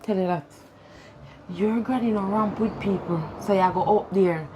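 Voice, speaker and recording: A woman's voice: medium pitch, steady tone, moderate pace, muffled recording, noisy background, close to an everyday voice. An actress playing a hardworking Jamaican mother who sells goods by the roadside, scolding her daughter over and over. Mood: stern. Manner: scolding, repetitive interrogating. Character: furious hardworking street-vendor mother. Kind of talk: Jamaican film acting.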